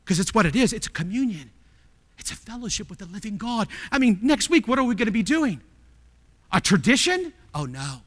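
Man preaching, bright tense voice, rhetorical questions, hushed to loud, long church reverb. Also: high voice, animated, moderate pace. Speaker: pastor. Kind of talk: sermon.

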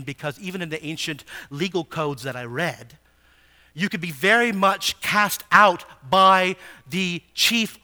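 High-voiced man teaching scripture. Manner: animated, rhetorical questions to listeners. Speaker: Bible teacher. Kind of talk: sermon teaching.

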